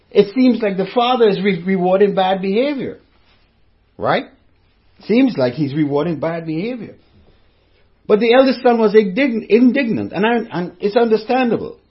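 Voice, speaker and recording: A man's voice: high voice, lo-fi sound. A male preacher giving a sermon in a conversational way, repeating phrases and speaking directly to his listeners.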